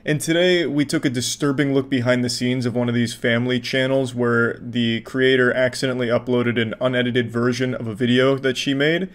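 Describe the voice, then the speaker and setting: A man giving sarcastic reaction commentary in a deadpan, sardonic way, swearing freely. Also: mid-range voice, brisk, hardly any pauses.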